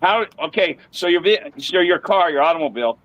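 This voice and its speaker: Pushy guy interrupting on a stream, taunting, slightly high voice. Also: animated, a little fast, fairly bright tone, dull audio. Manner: insistent, taunting, keeps interrupting. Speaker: livestream participant. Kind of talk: heated online argument.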